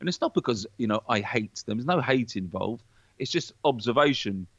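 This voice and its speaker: A man, a podcast guest in casual chat, talking in an animated, preachy way with plenty of swearing. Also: medium pitch, fairly quick, no echo, muffled recording.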